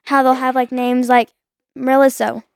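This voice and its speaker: A woman's voice: high voice, level tone, moderate pace, creaky, darkish tone, no room sound. A young girl co-hosting with her father, teasing him bluntly in casual chat. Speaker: daughter, co-host.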